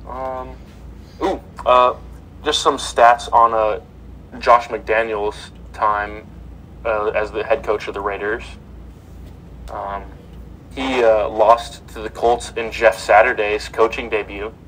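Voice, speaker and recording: Low-voiced man reading sports headlines. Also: flat delivery, takes it slowly, a bit bright, a little hiss or hum, low-quality recording. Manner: reads headlines with many fillers. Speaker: podcast host reading sports news. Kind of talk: casual sports news chat.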